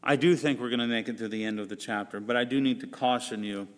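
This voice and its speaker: A man's voice: medium pitch, quick pace. Guy pastor preaching to his church, chatty and joking at himself, long echo off the sanctuary walls. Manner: conversational preaching with self-deprecating asides. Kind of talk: sermon.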